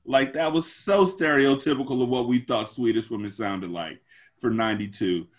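A man co-hosting a movie podcast who keeps his talk animated and jokey, leaning on slang. His voice sits at a middling pitch. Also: moderate pace. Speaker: podcast co-host. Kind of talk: casual movie discussion.

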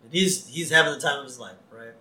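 A man co-hosting a podcast, casually recapping a cartoon episode and quoting its lines with quick laughs. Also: mid-range voice, pushed and bright. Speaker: podcast co-host. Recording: roomy echo.

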